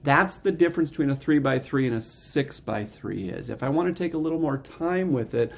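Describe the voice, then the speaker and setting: A man's voice: mid-range voice, lively intonation, brisk, creaky. A man teaching a gratitude and meditation breathing practice, explaining step by step and often checking in with "okay?". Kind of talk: casual instructional talk.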